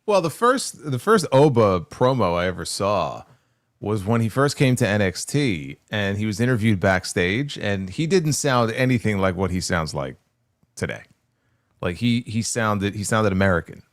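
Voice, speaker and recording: A man talks wrestling in a relaxed, halting way, circling back and restarting as he works through his point. His voice sits low. The mic is close and dry. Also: no echo. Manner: hesitant, many fillers and restarts while explaining. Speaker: podcast co-host. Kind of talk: casual wrestling talk.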